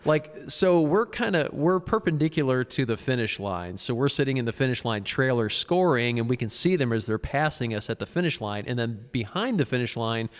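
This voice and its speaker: A man co-hosting a podcast, telling a race story in casual chat and acting out quotes in a high voice. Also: lively intonation, fairly quick, hardly any pauses, long reverb tail. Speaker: podcast co-host.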